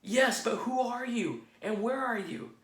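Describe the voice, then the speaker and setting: A man voicing a panicked man clinging to a cliff branch, yelling and pleading for help in a roomy space. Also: sits high, moderate pace, pitched above the performer's own voice. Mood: frantic pleading. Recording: roomy echo.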